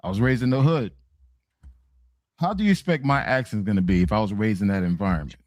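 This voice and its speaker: A man's voice: fairly low pitch, fast, darkish tone, no room sound. A man in his forties with a Miami accent, joking and laid-back in a casual podcast debate, often repeating himself. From Miami, United States. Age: 40s.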